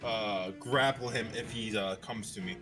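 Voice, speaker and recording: A man's voice: on the low side, normal speed, over music. A man playing a tabletop game, casual and laughing easily. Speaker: player. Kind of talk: casual chat.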